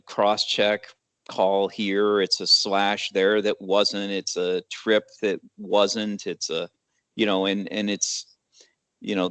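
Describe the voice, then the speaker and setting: A low-voiced man picks apart a hockey game in casual sports talk. He speaks in a measured, hesitant way, full of fillers. The recording is dry and close. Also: fairly bright tone, dry recording. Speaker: sports podcast co-host.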